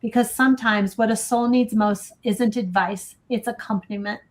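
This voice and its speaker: A woman's voice: fairly high pitch, steady tone, normal speed. A woman hosting a talk show in a studio, reading a text aloud with earnest feeling and breaking into casual chat. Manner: earnest, gets emotional while reading. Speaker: show host.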